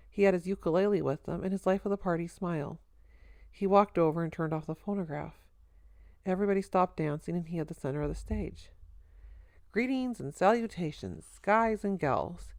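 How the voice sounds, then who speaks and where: A woman narrating a story in an even, wry storytelling manner. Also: fairly low pitch, dry recording. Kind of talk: audiobook narration.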